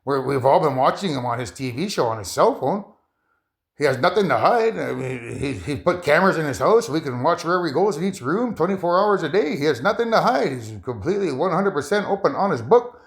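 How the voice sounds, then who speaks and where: A man rambling casually to his viewers, excitable and often breaking into laughter. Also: brisk, creaky. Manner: excitable, laughs often, rising into high bursts. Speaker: vlogger.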